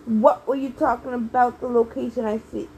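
A sarcastic, stubborn teenage boy from a storybook, voiced by a woman reading aloud. The voice sits high. A faint hiss runs under it. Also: fairly even intonation, moderate pace, darkish tone, natural voice, rough recording. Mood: demanding. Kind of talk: audiobook character voices.

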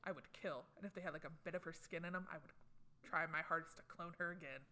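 A woman's voice: low voice, fast talker, bright, forceful tone. A young woman co-hosting a casual pop culture chat, chatty and gossipy, tossing in joking asides. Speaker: co-host.

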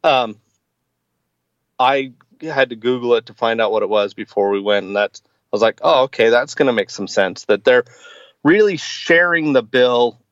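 Man, forties, podcast guest, halting casual chat, muffled dry sound. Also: mid-range voice, no room sound. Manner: hesitant, many fillers and restarts.

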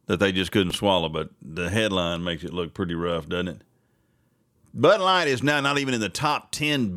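A man's voice: fairly low pitch, no echo, clean studio sound. Blunt, laughing male radio host. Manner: blunt, animated, laughs often. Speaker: radio talk show host. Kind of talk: opinionated morning talk radio.

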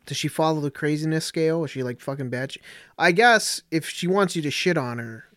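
A young man with a slightly high voice throws out wisecracks and swears freely. He is co-hosting a loose, casual podcast chat. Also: brisk, fairly bright tone. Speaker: podcast co-host.

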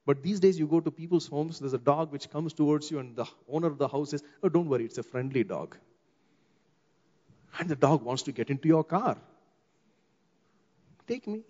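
A middle-aged man with an Indian English accent, preaching a sermon as a pastor and slowing down for emphasis. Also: fairly high pitch. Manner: expressive, slows down for emphasis, acts out quoted voices. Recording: long hall reverb, dull muffled sound.

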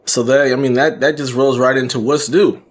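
A man's voice: mid-range voice, steady tone, fairly quick. A man hosting a casual chat, giving playful, grandiose introductions. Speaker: podcast host.

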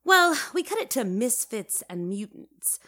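A woman voicing a sassy, theatrical shop manager in an audio story, speaking crisply and smacking hard on her consonants. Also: on the high side, sing-song, measured pace, fairly bright tone, voice pushed up, exaggerated voice. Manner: dramatic, bossy.

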